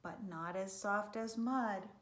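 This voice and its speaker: A woman voicing a small male pig who loves mud, bright and eager. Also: mid-range voice, slow pace, reverberant, lightly acted. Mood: delighted.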